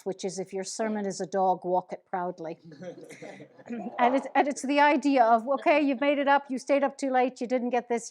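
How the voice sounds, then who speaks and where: A woman, a minister, leading a lively public speaking workshop for a group in a room, encouraging them and demonstrating the exercises aloud. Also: a little high. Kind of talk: live workshop teaching.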